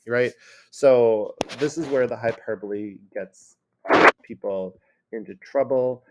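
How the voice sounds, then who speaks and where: A male high school teacher giving a casual classroom lecture, acting out example phrases in different tones. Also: slow, noisy background. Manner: casual, acts out quoted phrases with shifting tone.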